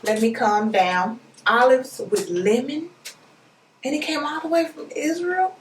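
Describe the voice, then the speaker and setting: A woman vlogger, chatting excitedly with viewers as she unboxes a package. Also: sits high, unhurried, a little hiss or hum. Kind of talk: excited casual unboxing chat. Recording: echoey room, voice a bit far from mic.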